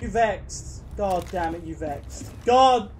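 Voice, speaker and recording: A woman giving live gameplay commentary, excitable, shouting and swearing at the game as she plays. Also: mid-range voice, takes it slowly, a little hiss or hum. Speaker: gaming YouTuber.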